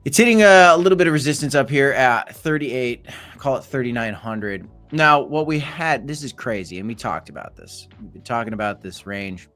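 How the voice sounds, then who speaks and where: A man's voice: medium pitch, expressive, normal speed, a bit bright, soft background music. Chatty man hosting a crypto live stream. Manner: chatty, playful asides, hype. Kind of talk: casual live market commentary.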